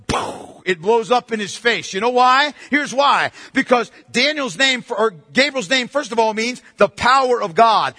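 A pastor delivers an emphatic sermon, repeatedly posing rhetorical questions to his congregation. His very high, bright, ringing voice trails a long reverb, as if in a large sanctuary.

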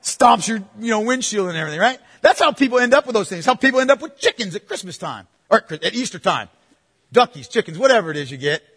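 A man preaching a sermon, moving between forceful proclamation and hushed, playful asides to the congregation. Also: high voice, very animated, quick pace, breathy edge, big-room sound. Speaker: pastor.

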